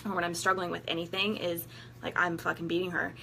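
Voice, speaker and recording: A woman's voice: lowish voice, level tone, fast talker, creaky, a bit bright, a little hiss or hum. A woman talking straight to her viewers, blunt and profane, laughing often and acting out what people say. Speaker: vlogger giving workout motivation. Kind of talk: casual candid monologue to viewers.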